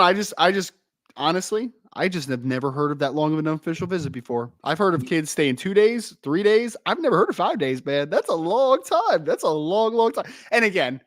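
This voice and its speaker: A man's voice: a little high, no echo, studio quality. A man with a South Jersey accent co-hosting a casual podcast, chatty and prone to repeating himself. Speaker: co-host.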